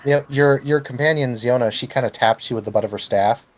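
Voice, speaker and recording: A man narrating a fantasy tabletop game as game master, speaking in a middle register. His delivery is casual and hesitant, with frequent pauses. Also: mid-range voice, low-quality recording.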